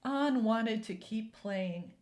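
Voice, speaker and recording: A woman hosting a youth storytime, reading a children's picture book aloud in a gentle, deliberate way. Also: a little high. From Minnesota, USA.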